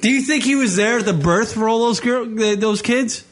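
A male radio show host ranting in a loud, profane way and repeating himself as he goes. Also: high-pitched, moderate pace. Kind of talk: brash profane radio rant.

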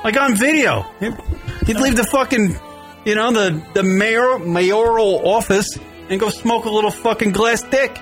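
A man with a slightly raised pitch rants in casual talk, swearing freely and breaking into loud outbursts. Faint music plays under his voice. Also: a little slow. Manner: profane, ranting, loud bursts. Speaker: podcast co-host. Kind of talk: casual chat.

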